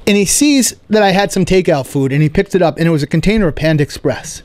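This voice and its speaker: A man hosting a comedy podcast, riffing in a rambling, animated, self-mocking monologue indoors. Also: on the high side, quick pace, few pauses. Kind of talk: casual rambling stand-up monologue. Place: indoor room.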